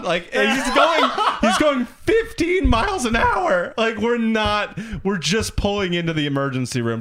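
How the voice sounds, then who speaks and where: A man co-hosting a casual comedic chat, telling stories loosely and laughing often, with squeaky impressions. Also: big pitch swings, moderate pace, hardly any pauses, a bit bright. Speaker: co-host.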